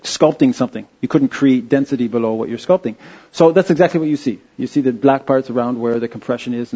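A man giving an informal slide-show talk, halting and restarting with many fillers. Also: medium pitch, dark tone, breathy edge, dull audio. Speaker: presenter.

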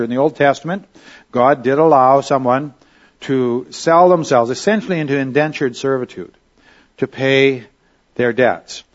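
A man's voice: mid-range voice, lo-fi sound. A man teaching a Bible study lesson in a conversational way. He often checks in with his listeners with "okay?" and "all right?".

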